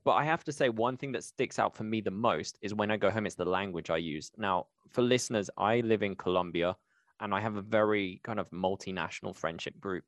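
A man's voice: lowish voice, brisk, no echo, studio quality. A man from the United Kingdom, talking casually and thoughtfully on a podcast. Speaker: podcast co-host, pitch team member.

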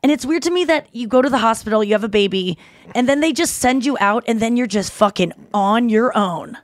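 A woman's voice: fairly high pitch, lively intonation, brisk, no echo, studio quality. A woman in her thirties hosting a comedy podcast, joking and blunt, with casual swearing. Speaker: podcast host.

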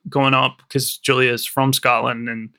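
Bright, rambling male podcast co-host. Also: medium pitch, level tone, normal speed. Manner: rambling, swears freely, many "like"s and "you know"s. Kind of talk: casual film-podcast chat.

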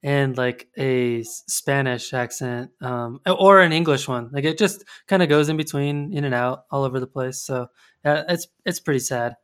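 A man's voice: medium pitch, steady tone, moderate pace, fairly bright tone, smooth. A man hosting a casual interview chat, friendly and full of "like" and "um". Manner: friendly, uses "like" and "um" a lot. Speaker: podcast host.

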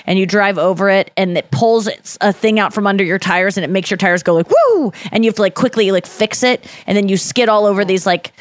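Woman host, young adult, casual rambling storyteller, self-deprecating, medium pitch, dry close mic. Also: no echo. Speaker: podcast host.

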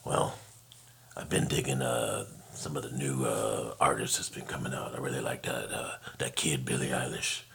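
A man doing an impression of a deep-voiced older male singer, talking in a low, quiet mumble with hesitant pauses. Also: fairly even intonation, gravelly, reverberant, slight background noise, heavily acted. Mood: mumbling calm.

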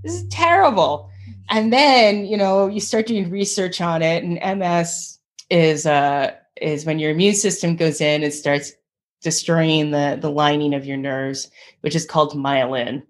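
In an interview, a thirty-something woman artist relates her story, frequently laughing and performing the voices of people she quotes. Her voice is low, steady and unhurried.

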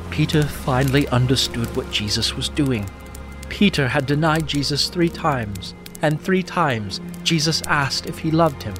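A man narrating a Bible story in a measured, earnest way. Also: mid-range voice. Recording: narration over music.

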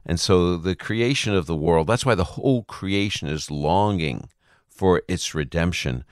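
A man's voice: sits low, expressive, a little slow, no echo, clean studio sound. A man from the United States, a Bible teacher, giving thoughtful explanations as a radio guest. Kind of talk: radio interview.

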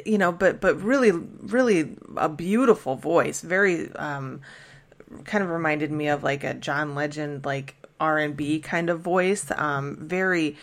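A woman with a notably low voice talks casually as a podcast host, retelling a TV episode scene by scene. She rambles a little, with many fillers and restarts. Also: unhurried. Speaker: podcast host recapping a TV show. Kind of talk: casual recap chat.

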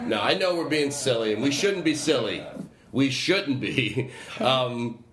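A man's voice: mid-range voice, lively intonation, normal speed, reverberant, crowd noise. A man hosting a casual comedy podcast, rambling, swearing and laughing between tangents. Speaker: podcast host.

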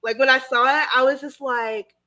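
A woman's voice: high voice, steady tone, brisk, sharp tone. Woman podcast host, effusive and heartfelt, chatty with constant fillers. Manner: gushing, emotional, heavy filler "like". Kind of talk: casual interview chat.

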